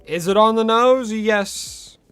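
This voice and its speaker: A man with an Australian accent chats loosely through a live game stream, greeting viewers and catching his own slips as he goes. His voice sits somewhat high. Faint game music plays quietly under him. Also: slow pace, smooth, no room sound. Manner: chatty, greets viewers, rambles and corrects himself. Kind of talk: casual live-stream chat while playing.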